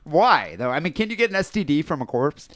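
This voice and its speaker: A man's voice: on the high side, sing-song, fairly quick, a bit bright, dry recording, clean studio sound. A man co-hosting a casual comedy podcast, rambling through a news story with lots of fillers and laughter. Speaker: podcast co-host.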